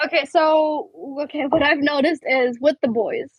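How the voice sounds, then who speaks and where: A woman's voice: high-pitched, normal speed, no room sound. A young woman co-hosting a podcast in casual chat, telling stories with many fillers and restarts. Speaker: podcast co-host. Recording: dull lo-fi, dry sound.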